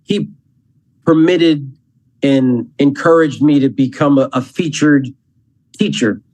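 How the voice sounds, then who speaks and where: A man who works as an athletic director, a guest on a casual podcast, talking in halting runs and repeating words as he thinks. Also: medium pitch, darkish tone, rough recording.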